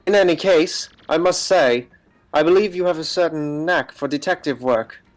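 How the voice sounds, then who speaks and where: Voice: medium pitch, normal speed, lightly acted. Streamer putting on a pompous penguin detective, all formal and smug, game voice. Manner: grandiose, formal, self-assured. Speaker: streamer reading game dialogue. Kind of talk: voice acting a game's text on stream.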